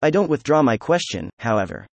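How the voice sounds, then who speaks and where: A stern male prosecutor, read by a man, formal and measured, in a mid-range voice. The sound is dry and close-miked. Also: mid-range voice, big pitch swings, gravelly, no echo.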